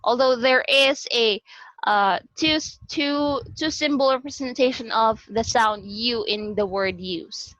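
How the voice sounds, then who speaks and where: Filipino woman teaching over a video call, high voice, dry close sound. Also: a bit bright, no echo, lo-fi sound. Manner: explains slowly, repeats words, mixes in Filipino phrases. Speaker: student presenter in a class discussion. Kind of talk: online class presentation. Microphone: computer or headset mic on a video call.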